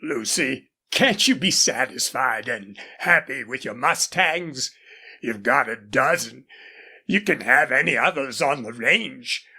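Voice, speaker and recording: A woman voicing an older male rancher, an indulgent, horse-proud father, in a husky, drawling audiobook character voice. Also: rumbling low, animated, a little slow, sharp tone, heavily acted.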